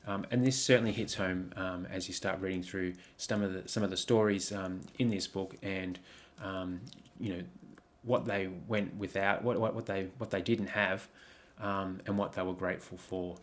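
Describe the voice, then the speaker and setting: A man's voice: low-pitched, fairly even intonation, moderate pace, few pauses. A man giving a coaching talk over slides, reflective, posing many questions, with frequent ums and restarts. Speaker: life coach.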